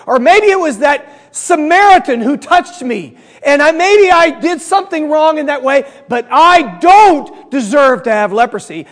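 A man's voice: very high voice, fairly bright tone, pitched above the performer's own voice, heavily acted. Guy acting out an indignant leper, pleading, self-righteous, reverby hall. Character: indignant entitled man with leprosy.

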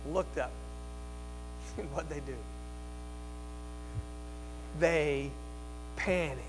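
A high-voiced man preaches slowly and deliberately, telling the story dramatically from hushed tones to loud cries. His voice rings through a long hall reverb, with faint music and a mains hum underneath. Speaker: pastor. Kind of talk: sermon.

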